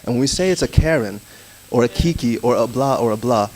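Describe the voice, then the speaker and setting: A man speaking quickly as a panelist at a live seminar. He is animated and talks in a mid-range voice. He now and then acts out short voices to make his point. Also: mid-range voice, low-quality recording. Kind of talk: panel discussion.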